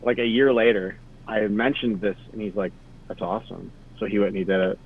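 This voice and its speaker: A man's voice: on the low side, steady tone, fast talker. A young man from Wisconsin, a podcast guest telling travel stories in a laid-back, rambling way over a video call. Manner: laid-back, lots of "like" and trailing asides. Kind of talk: casual storytelling. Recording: tinny phone-like call audio.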